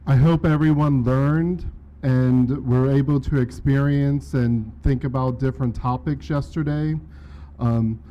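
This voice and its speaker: A man at a conference podium reads out acknowledgments in a measured, careful way. His voice is warm and relaxed. Faint background noise runs under it. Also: mid-range voice, muffled recording. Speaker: conference presenter. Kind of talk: formal acknowledgments. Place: conference room.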